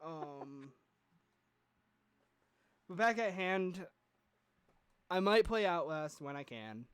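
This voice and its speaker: A man's voice: on the high side, expressive, slow pace, a bit bright, clean tone. A man hosting a casual podcast chat, rambling and joking with plenty of fillers. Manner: rambling, jokey, lots of fillers. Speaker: podcast host.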